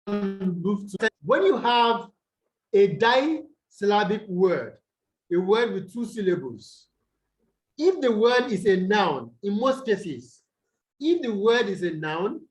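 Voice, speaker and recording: A man with a high voice teaches at an unhurried pace over a video call. He asks questions and then answers them himself. He says example words twice, slowly, to show the stress. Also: very animated, rough recording. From Nigeria. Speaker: English tutor. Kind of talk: online tutorial lesson.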